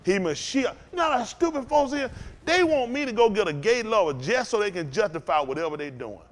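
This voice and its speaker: A man preaching a fiery call-and-response sermon in a high, soaring voice. His pitch leaps and plunges constantly, and he goes from shouting to hushed, intense murmurs. He speaks in a folksy, repetitive cadence that builds up and falls away. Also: animated, brisk. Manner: swings from shouted peaks to low intense murmurs. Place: house of worship.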